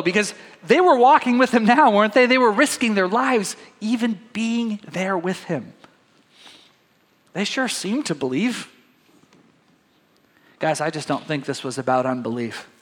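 Speaking in a big hall, a pastor's voice sits high with a fairly bright tone. He reads passages of scripture during his sermon and discusses them in a conversational way, addressing the congregation as "guys."

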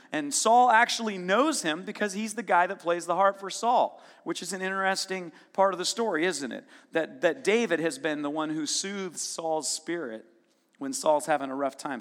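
A man preaching a sermon, retelling a story in a casual, lively way and voicing its characters with sudden bursts of intensity. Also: a little high. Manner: storytelling with casual asides and quick dramatic voicing. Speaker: pastor. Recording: long reverb of a large hall.

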